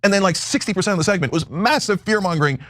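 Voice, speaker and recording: A man's voice: sits high, animated, rapid-fire, a bit bright, no echo, studio quality. A man delivering heated, sarcastic political commentary as a show host, ranting with passion.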